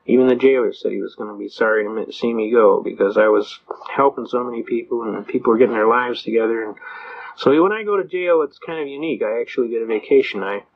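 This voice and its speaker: An older man who speaks on constitutional law addresses an audience at a quick pace in a medium-pitched voice, with a little hiss or hum on a slightly dull lo-fi recording. He's folksy and tells stories, acting out the voices of people he quotes.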